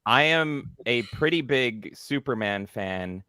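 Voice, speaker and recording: A Canadian man chats as a podcast guest, telling playful, self-mocking stories. His voice sits at an ordinary pitch, and the recording is dry and close. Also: lively intonation, slow pace, sharp tone, smooth, no room sound. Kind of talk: casual chat.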